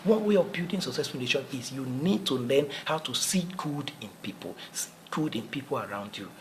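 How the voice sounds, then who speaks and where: A man's voice: mid-range voice, lively intonation, fairly quick, a little hiss or hum, rough recording. A man giving a motivational talk in an earnest, repetitive, preacherly manner, often restarting his phrases. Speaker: motivational speaker.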